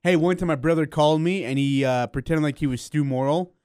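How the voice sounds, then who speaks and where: Smooth-voiced man cohosting on radio. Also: a little high, fairly quick, dry recording, studio quality. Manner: playful, lively storytelling. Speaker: radio co-host. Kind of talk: casual radio banter. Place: radio studio. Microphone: studio mic.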